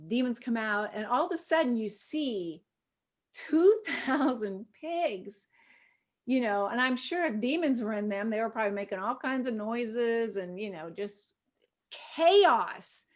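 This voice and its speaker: A middle-aged woman with a slightly high voice leads a women's Bible study in easy, conversational teaching. She fills her talk with "you know" and breaks into sudden loud bursts when she acts out a scene. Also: a little slow.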